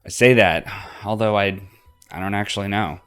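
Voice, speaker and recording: A man voicing a young woman main character in his own voice, reading her lines and first-person narration in a steady, low-key way. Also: normal speed, clear, resonant tone, faint music behind, close to an everyday voice. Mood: calm. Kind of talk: visual novel voice reading.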